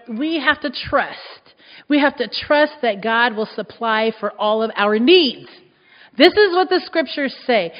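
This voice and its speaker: Higher-voiced woman preaching in an echoey hall. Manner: emphatic, repeats key phrases, swings between loud and soft. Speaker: pastor. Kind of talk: sermon. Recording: echoey hall, dull muffled sound.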